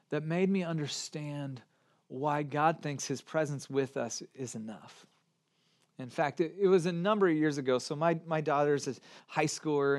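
A man in his forties preaching a sermon, moving between gentle near-whispers and urgent appeals. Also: fairly high pitch. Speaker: pastor.

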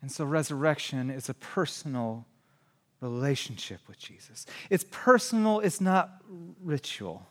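A man preaching a sermon who moves from hushed, almost whispered lines to loud, impassioned shouts. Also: mid-range voice, lively intonation, measured pace. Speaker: pastor. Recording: long hall reverb.

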